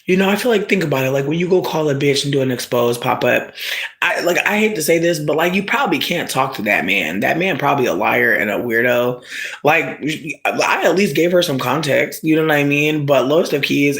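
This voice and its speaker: A streamer casually telling a story to viewers, profane and animated, breaking into loud shouts and asides to the audience. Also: mid-range voice, brisk.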